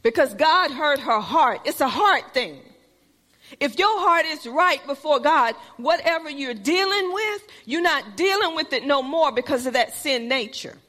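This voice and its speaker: A woman's voice: high-pitched, lively intonation, measured pace, sharp tone, long reverb tail. A woman preacher giving a sermon in an earnest, plain-spoken, conversational way.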